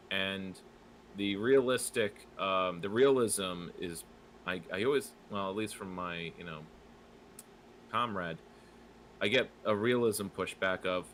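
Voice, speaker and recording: A man with a low, bright, forceful voice chats casually on a podcast. He hesitates often, piling up fillers and restarts. A faint hiss sits under the recording. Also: low-quality recording. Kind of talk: casual political podcast chat.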